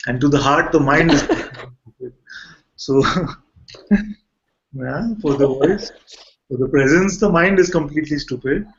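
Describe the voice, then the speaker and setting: A man who is a spiritual teacher, explaining calmly in a satsang dialogue and repeating his phrases. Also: moderate pace, pauses often, slight background noise. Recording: dull low-fidelity sound.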